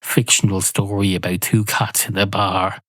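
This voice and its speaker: A man voicing a deadpan, quizzical talking cat in a bar. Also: deep voice, moderate pace, no room sound.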